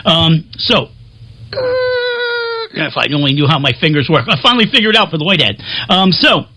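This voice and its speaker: A man's voice: on the high side, animated, brisk, pushed and bright. A man from Philadelphia hosting his own music show, talking to camera in a chatty, rambling, self-deprecating way full of fillers and restarts. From Philadelphia, USA. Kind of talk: rambling casual to-camera talk.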